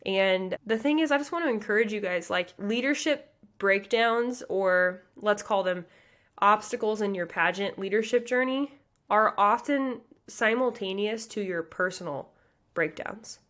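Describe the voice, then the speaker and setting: A woman in her early thirties, from the American Midwest, talks straight to her listeners as a pageant coach on her own podcast. Her delivery is earnest and passionate, quick and full of "like" and "you guys" fillers, in a mid-pitched voice. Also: fairly bright tone. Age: 30s. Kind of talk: motivational podcast monologue.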